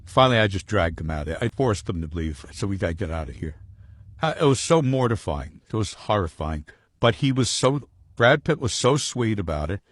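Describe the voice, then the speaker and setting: Low-voiced man, lively anecdote teller, dry recording. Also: dry recording. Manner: animated storyteller acting out quoted lines. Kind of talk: storytelling anecdote.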